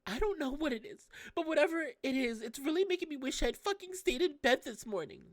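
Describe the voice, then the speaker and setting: A woman reading the lines of a distraught, depressed young female student from a game, voiced higher than her own voice and lashing out as she swears. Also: lively intonation, fairly quick, no room sound, studio quality. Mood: bitter.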